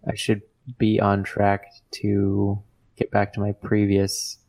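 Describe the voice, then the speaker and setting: A man's voice: on the low side, monotone, takes it slowly, a little mellow. A man co-hosting a casual podcast chat, rambling loosely with lots of fillers. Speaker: podcast co-host.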